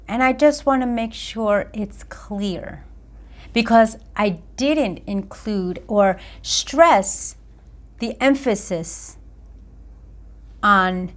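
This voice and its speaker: This accountability coach, a woman, gives a motivational message straight to the camera. Her medium-pitched voice is expressive, and she lands each phrase with deliberate emphasis.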